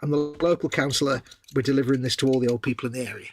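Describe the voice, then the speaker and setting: A man, co-hosting a live stream and chatting quickly, with jokes. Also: medium pitch, steady tone, over music. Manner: quick, chatty, fond of joking. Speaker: livestream co-host. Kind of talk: casual chat.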